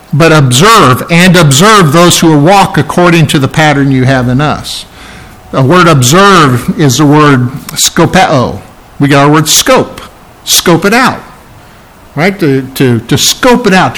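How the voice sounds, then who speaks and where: A man's voice: fairly high pitch, fairly bright tone, rough recording. A man preaching an expository sermon, teaching earnestly and repeating phrases for emphasis. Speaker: pastor.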